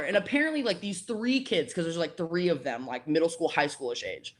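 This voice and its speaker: A woman's voice: on the low side, lively intonation, brisk, few pauses. Chatty young woman telling a story. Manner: chatty, heavy use of "like", acts out quoted voices. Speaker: podcast guest, college debater. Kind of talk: casual storytelling chat.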